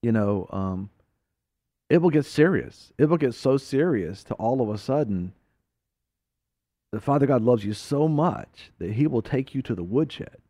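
A man hosting a talk show, telling a folksy story and preaching in an animated, laughing way. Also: mid-range voice, unhurried, dry recording, studio quality.

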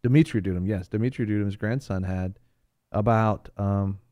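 A man on a talk show panel, talking casually in a rambling, animated storytelling way with frequent restarts. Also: on the low side, fairly quick, no echo, dull audio. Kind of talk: casual chat.

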